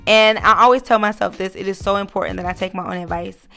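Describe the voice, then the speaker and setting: A woman's voice: medium pitch, steady tone, quick pace, gravelly, pushed and bright. A woman hosting her own podcast, talking earnestly in a casual, encouraging monologue with lots of fillers. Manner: earnest, motivational, many fillers. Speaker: podcast host.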